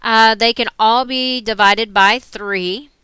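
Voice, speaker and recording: A woman teacher walks through math problems one step at a time, her voice bright and very clean. The sound is close and dry, with no room around it. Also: fairly high pitch, slow, smooth, no echo. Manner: steady step-by-step explaining. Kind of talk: recorded screen lesson.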